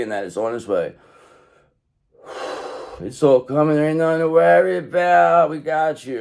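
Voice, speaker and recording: Guy doing a chill tarot reading, animated, talks right at you, mid-pitched voice. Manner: animated, talks straight to the viewer, swears casually. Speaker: tarot reader. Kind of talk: casual tarot reading monologue.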